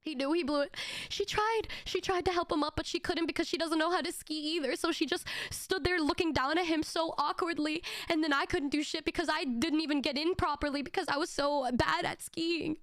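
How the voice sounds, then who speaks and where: High-voiced woman telling a story. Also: a little fast, dry recording, clean studio sound. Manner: animated, laughing, swearing, stammering restarts. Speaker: VTuber streamer. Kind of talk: casual storytelling.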